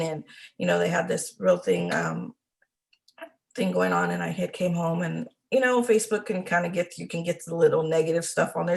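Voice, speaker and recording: A middle-aged woman giving a halting, emotional personal account as an interview guest, with many restarts. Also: on the low side, vocal fry. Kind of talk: personal testimony.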